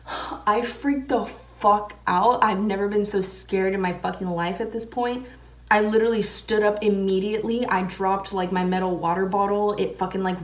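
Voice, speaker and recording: A woman's voice: mid-range voice, distant mic. Young woman vlogger, loose chatty swearing, a bit off-mic in a roomy space. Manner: casual, heavy swearing, many fillers. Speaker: makeup vlogger. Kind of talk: casual storytelling while doing makeup. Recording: echoey room, voice away from mic.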